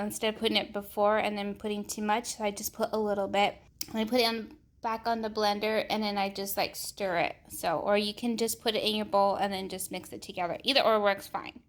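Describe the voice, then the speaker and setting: Bright-voiced woman chatting through a cooking vlog. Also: medium pitch. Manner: chatty, warm address to viewers with frequent fillers. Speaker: cooking vlogger. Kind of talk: casual cooking vlog chat. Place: home kitchen.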